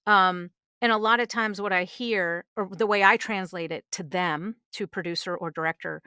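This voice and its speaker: A woman's voice: medium pitch, steady tone, moderate pace, bright, forceful tone, clear, resonant tone, no room sound, clean studio sound. A middle-aged woman, a voice actress guest on a podcast, speaking earnestly and giving emphatic advice in conversation. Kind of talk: conversational interview. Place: podcast studio.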